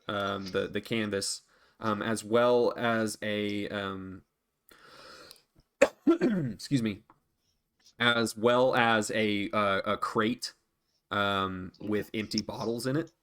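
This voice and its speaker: A man serving as dungeon master for a tabletop game, talking in a loose, relaxed way. He fills his narration with ums and uhs and breaks into laughter often. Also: on the low side, slow, pauses often, clean tone.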